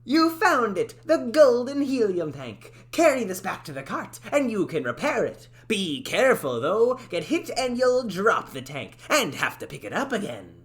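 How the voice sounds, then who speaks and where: A woman voicing an upbeat female tutorial guide for a video game, in a bright, instructive, sing-song delivery. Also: medium pitch, big pitch swings, moderate pace, hardly any pauses, pitched above the performer's own voice, natural voice. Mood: cheery instructive. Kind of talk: recorded game voice-over takes.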